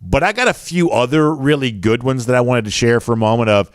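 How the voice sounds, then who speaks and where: A man's voice: medium pitch, a little fast, no echo, studio quality. A man with a Southern accent hosting a sports show, chatting casually and reading viewer comments with lots of fillers. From American South.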